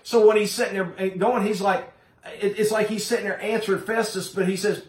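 A man's voice: high voice, steady tone, brisk, echoey room. A man preaching a sermon to his congregation, emphatic and direct, calling his listeners folks. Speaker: pastor.

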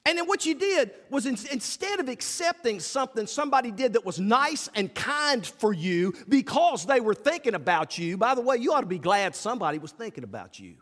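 Animated preacher in a reverberant church. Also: male voice, very high voice, brisk, hardly any pauses. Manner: folksy, animated preaching with acted-out asides. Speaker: pastor. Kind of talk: sermon. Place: church sanctuary.

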